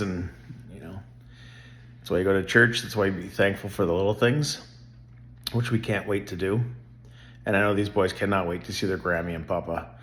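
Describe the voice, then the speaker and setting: A middle-aged man rambling earnestly about faith and family in a casual vlog. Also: deep voice. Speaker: vlogger.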